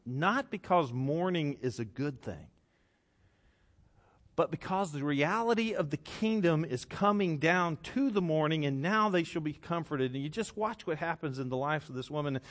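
A man delivering a sermon in a somewhat high voice. He tells his story dramatically, acting out the crowd's reactions, and swings between loud bursts and quiet, hushed passages. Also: normal speed. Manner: animated, acts out crowd reactions. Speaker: preacher.

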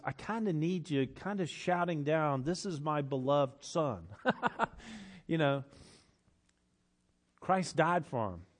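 A middle-aged man preaching a sermon. He swings from hushed to loud and slows down to stress his points. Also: mid-range voice. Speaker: pastor.

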